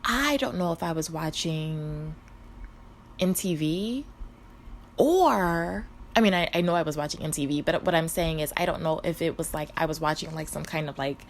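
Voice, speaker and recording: This is a stoned woman rambling through a casual storytime, swearing freely and losing her train of thought. Her voice sits low with a gravelly edge. Faint room ambience hums behind her. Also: moderate pace, slight background noise. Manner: rambling, profane, self-interrupting, laughing often. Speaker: vlogger.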